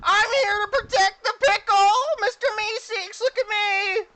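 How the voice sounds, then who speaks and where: A game master voicing an eager, high-strung helper creature, shrill and overeager. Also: fairly even intonation, a little slow, bright, forceful tone, slight background noise, full character voice.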